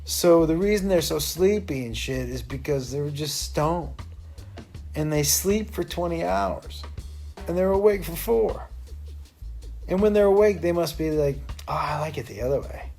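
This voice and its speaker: Male comedy host, higher-pitched, crude rambling storyteller, laughs a lot, faint music behind. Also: measured pace, dark tone. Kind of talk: loose stand-up storytelling.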